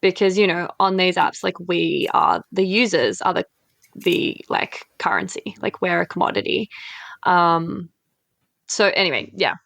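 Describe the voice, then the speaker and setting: A woman's voice: fairly low pitch, unhurried, creaky, a bit bright, no echo. Blunt, swearing woman podcast host. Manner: blunt, frank, swears freely, many fillers. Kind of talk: casual podcast chat.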